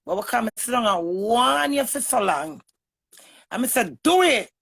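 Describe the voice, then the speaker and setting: A woman with a Jamaican accent giving a heated, emphatic livestream rant to her viewers, swinging from loud bursts to low mutters. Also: animated, measured pace, creaky, breathy edge. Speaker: online personality.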